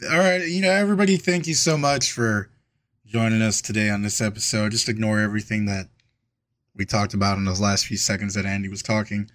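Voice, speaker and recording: A man's voice: fairly low pitch, fairly even intonation, fairly quick, fairly bright tone. A man co-hosting a casual podcast, swearing constantly and ranting in exasperation. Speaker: podcast co-host. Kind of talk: casual profane chat.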